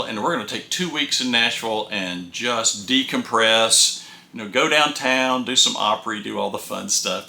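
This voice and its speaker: A man's voice: medium pitch, bright, forceful tone, echoey room. A man telling casual first-person stories from his travels with an RV, folksy and rambling, often repeating words as he goes.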